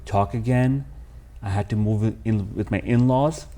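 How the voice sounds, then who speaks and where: A man's voice: on the low side, unhurried, warm tone. A man, a podcast guest telling his life story candidly and emotionally, calling the host "bro". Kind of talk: casual storytelling interview.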